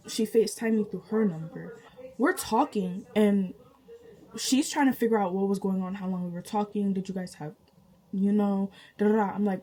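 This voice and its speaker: Chatty young woman telling a storytime. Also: low-quality recording. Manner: animated and chatty, laughing often, with sudden high-pitched bursts of disbelief. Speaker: vlogger. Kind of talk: casual storytime.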